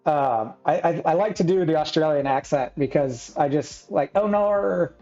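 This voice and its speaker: A man from Texas chatting casually on a live stream, laid-back and clearing his throat often. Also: fairly high pitch, normal speed, dark tone, faint music behind. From Texas, United States. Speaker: stream regular and chat moderator. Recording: slightly dull lo-fi audio.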